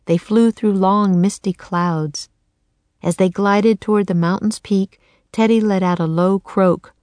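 A woman narrating a children's chapter book in a clear, measured storytelling manner. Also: mid-range voice, steady tone, a little mellow, no echo. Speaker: audiobook narrator. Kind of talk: children's audiobook reading.

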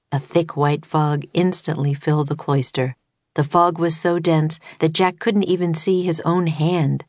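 A woman reading a children's storybook as an audiobook, in calm, even narration. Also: sits low, measured pace, no room sound. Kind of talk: scripted narration.

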